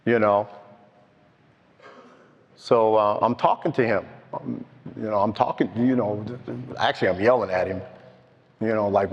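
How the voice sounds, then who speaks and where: An older man telling his own story at a recovery meeting, slow and halting, heartfelt. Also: medium pitch. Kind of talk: personal testimony. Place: meeting hall. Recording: dull, with long hall echo.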